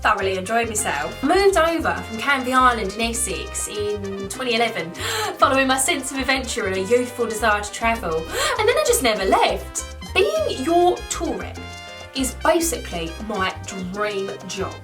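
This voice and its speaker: Woman doing a gushing, over-excited holiday rep. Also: a little high, normal speed, distant mic, over music. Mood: chirpy. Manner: gushing, forced cheer covering bad news.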